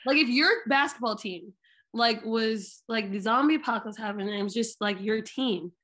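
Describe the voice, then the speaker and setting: A woman's voice: a little high, fairly bright tone. Chatty young woman podcast host. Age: young adult. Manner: chatty, full of fillers, quick. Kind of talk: casual podcast chat.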